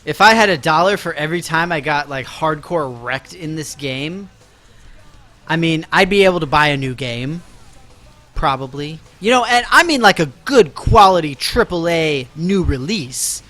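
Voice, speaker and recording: A male game streamer talks casually to his viewers while he plays. His voice sits a little high and sounds bright and forward. Soft game music plays faintly underneath. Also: lively intonation, moderate pace. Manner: chatty and self-mocking, talking to viewers while playing. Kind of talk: casual live-stream gameplay chat.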